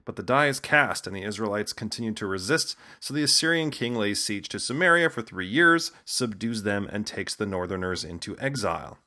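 A man's voice: on the low side, fairly quick, hardly any pauses, bright, forceful tone. Wry man narrating with casual asides. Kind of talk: humorous scripted narration.

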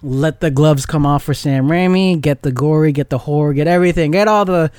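Male podcast co-host, excitable and profane, dry close sound, laughs a lot. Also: a little high, a little fast, clear, resonant tone, no room sound. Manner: excited, laughs often, swears casually. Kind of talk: casual chat.

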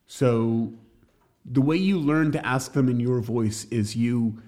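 A man's voice: medium pitch, slow pace, warm tone. A man teaching a church class on evangelism, jokey and emphatic, talking straight to his listeners.

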